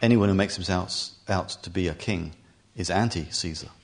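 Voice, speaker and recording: A man's voice: low-pitched, moderate pace, creaky. A man voicing an insistent crowd of accusing priests, in a scripture reading. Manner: insistent, demanding.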